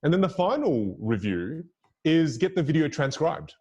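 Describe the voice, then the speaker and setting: Lively male podcast guest, instructive, punchy delivery with deliberate pauses. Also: fairly high pitch, husky, muffled recording. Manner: emphatic, instructive, varies melody and pauses. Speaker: guest, communication coach. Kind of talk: podcast interview.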